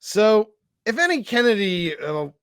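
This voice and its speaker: High-voiced man cracking sarcastic jokes. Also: big pitch swings, unhurried, fairly bright tone, clear, resonant tone, no room sound, studio quality. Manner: sarcastic, joking. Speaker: comedy podcast co-host. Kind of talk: casual comedic reaction commentary.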